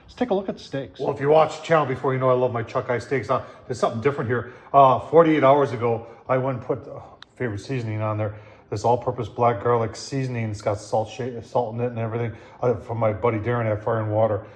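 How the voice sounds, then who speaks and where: A man's voice: mid-range voice, quick pace. A man hosting his own channel, casually reviewing a gas grill while cooking and chatting to viewers in a folksy way.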